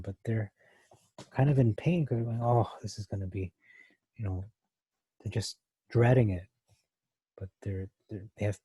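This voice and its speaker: A man's voice: lowish voice, dark tone, slightly rough, dry recording. A man teaching a verse-by-verse Bible study, thinking aloud with many fillers and restarts.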